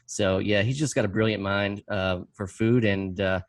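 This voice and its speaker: A man hosting a podcast in a relaxed, casual way, with lots of fillers and repeated words. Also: fairly low pitch, normal speed, no room sound. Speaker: podcast host.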